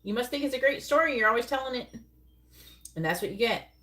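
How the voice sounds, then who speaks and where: A woman's voice: a little high, expressive, fast, fairly bright tone. Blunt, rambling woman tarot reader. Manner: blunt, rambling, swears casually. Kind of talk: live-stream psychic reading.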